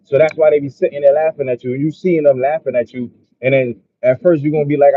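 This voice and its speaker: A man's voice: mid-range voice, steady tone, fast, phone-quality sound. A man giving a profane, repetitive motivational monologue in a casual vlog. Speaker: motivational vlogger.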